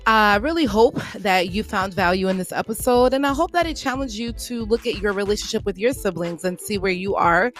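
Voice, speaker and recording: A woman hosts her own podcast alone, talking straight to her listeners. She sounds earnest and encouraging and drives her points home by repeating them, with the odd playful aside. Her voice sits at a mid pitch over faint music. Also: lively intonation, a little fast, few pauses, a bit bright. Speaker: podcast host. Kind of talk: solo podcast monologue.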